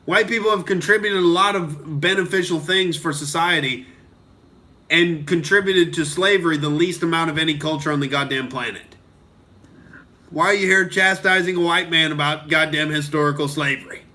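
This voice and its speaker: Profane ranting male comedian, bright voice. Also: a little high, moderate pace. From Oklahoma. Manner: profane, heated ranting, reads viewer comments. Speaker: comedian hosting a live stream. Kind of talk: ranting live-stream commentary.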